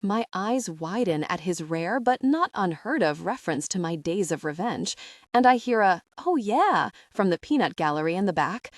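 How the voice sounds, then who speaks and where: A woman narrating an audiobook in the first person, with expressive, intimate storytelling. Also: on the low side, normal speed, no echo, clean studio sound.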